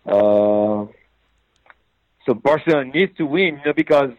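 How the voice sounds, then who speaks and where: A man's voice: medium pitch, animated, measured pace, no echo, muffled recording. A man chatting casually about football, hesitant, with many fillers and restarts. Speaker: football pundit. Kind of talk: casual sports chat.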